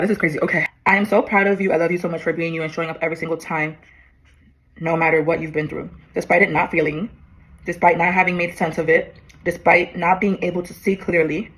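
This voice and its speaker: A woman's voice: fairly low pitch, a bit bright, slightly rough, low-quality recording. A young woman in her twenties vlogging as she reads an old letter to herself aloud, emotional, swearing and laughing in disbelief.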